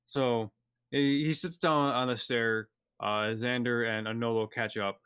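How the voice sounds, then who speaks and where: A man's voice: medium pitch, fairly bright tone, clean tone, no room sound, clean studio sound. A man narrating as game master in a loose, hesitant way with many fillers.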